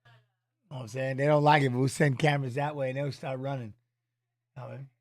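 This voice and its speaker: A man's voice: medium pitch, level tone, fast, no room sound. Rambling middle-aged man, dry home stream. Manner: rambling, loose, drops filler tags. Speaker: streaming host and former fighter. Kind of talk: casual livestream chat while watching fights. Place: home office.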